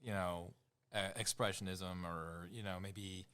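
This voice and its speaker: A man with a somewhat low voice chats casually on a podcast. He reacts with a dry, laid-back air and explains things hesitantly, with many "you know"s. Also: fairly even intonation, a little slow, bright, forceful tone, clean tone. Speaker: podcast co-host.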